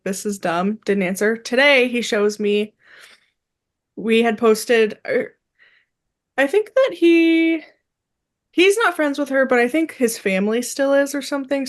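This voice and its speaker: A young woman co-hosting a podcast, chatting casually and telling a story with lively acted-out quotes. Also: a little high. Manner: animated storyteller, acts out quotes. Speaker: podcast co-host. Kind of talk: casual chat.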